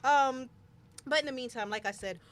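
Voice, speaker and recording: A woman's voice: high voice, normal speed, slight background noise. A woman hosting a live talk show, speaking emphatically and repeating words for stress. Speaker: show host. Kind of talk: casual live show chat.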